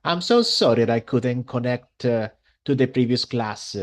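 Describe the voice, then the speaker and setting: A man's voice: mid-range voice, animated, moderate pace, close to an everyday voice. Guy doing a young italian girl student, italian accent, apologetic, kinda chatty.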